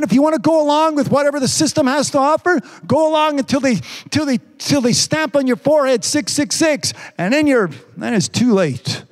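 A man preaching a sermon with emphatic repetition, frequent hallelujahs and words drawn out slowly for emphasis. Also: very high-pitched.

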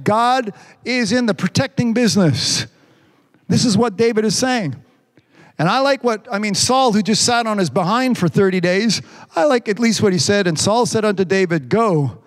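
A man preaching a sermon, reading scripture slowly and stretching the words, with frequent amens. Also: sits high, lively intonation, in a large hall. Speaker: pastor.

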